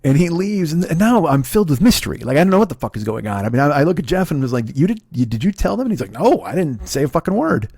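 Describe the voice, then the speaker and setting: A man's voice: on the high side, very animated, fast, hardly any pauses, a little mellow, breathy edge, no room sound, studio quality. A middle-aged man hosting a podcast, telling a rambling, profane, self-deprecating story with many restarts. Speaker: podcast host. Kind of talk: casual storytelling monologue.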